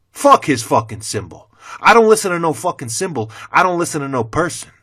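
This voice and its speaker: A middle-aged man who once taught school, now ranting to camera with a blunt, cursing delivery. His voice sits at an ordinary male pitch and jumps from low mutters to loud, mocking outbursts. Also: husky. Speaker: former teacher turned channel host. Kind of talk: profane opinion rant to camera.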